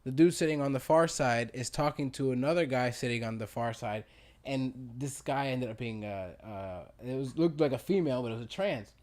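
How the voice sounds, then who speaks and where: A man's voice: mid-range voice, normal speed, darkish tone. A man co-hosting a casual podcast chat, telling stories animatedly and laughing while he acts out quotes. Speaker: podcast co-host.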